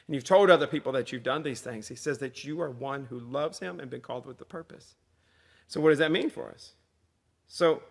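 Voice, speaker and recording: Man preaching a relaxed conversational sermon. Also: fairly high pitch. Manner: conversational preaching with repeated refrains. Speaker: pastor.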